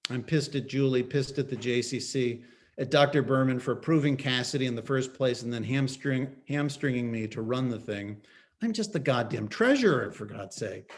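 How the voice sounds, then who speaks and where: A man's voice: medium pitch, normal speed. A man reading his own story aloud as first-person audiobook narration, dry and wry in tone.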